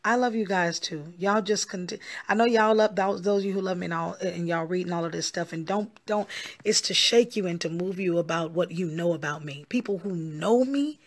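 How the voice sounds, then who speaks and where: In a direct-to-camera social media video, a woman pastor and gospel singer speaks to her followers with a fairly low voice at a slightly fast pace. She's forceful and pleading, repeats herself a lot, and calls everyone "honey" and "y'all."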